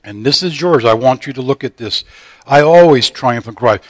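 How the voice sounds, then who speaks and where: A man's voice: mid-range voice, moderate pace, no room sound. A man who is a pastor, preaching a sermon and often asking the congregation if they hear him. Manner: preaching with call-and-response questions.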